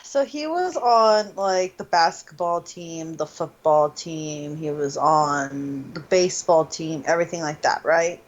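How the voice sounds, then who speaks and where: A woman's voice: sits low, expressive, measured pace, hardly any pauses. A woman chatting casually on a podcast, telling rambling stories full of fillers. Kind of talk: casual chat. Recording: dull lo-fi sound.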